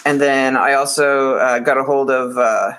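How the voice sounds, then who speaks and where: A man's voice: medium pitch, steady tone, moderate pace, background noise. A man co-hosting a casual podcast, rambling along with many likes and uhs. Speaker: podcast co-host.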